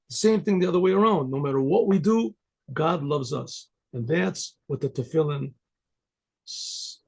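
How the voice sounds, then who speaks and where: Gravelly, husky rabbi telling a story. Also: male voice, a little high, darkish tone. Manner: conversational, rambling with restarts. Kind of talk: storytelling talk.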